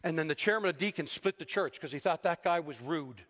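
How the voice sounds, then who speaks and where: A man preaching a sermon with animated delivery, acting out the people he quotes. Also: fairly high pitch, brisk, big-room sound. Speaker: pastor.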